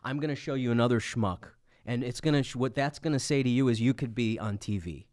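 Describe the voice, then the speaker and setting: Comedian guy ranting in a studio, rambling, swears a lot, mid-pitched voice. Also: fairly quick, darkish tone. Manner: rambling, profane rants. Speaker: comedian guest. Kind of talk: casual comedy chat.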